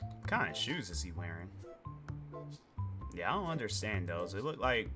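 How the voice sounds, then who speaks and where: A man's voice: sits low, sing-song, normal speed. A male streamer rambling through casual, joking commentary while he plays a game. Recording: game music playing behind.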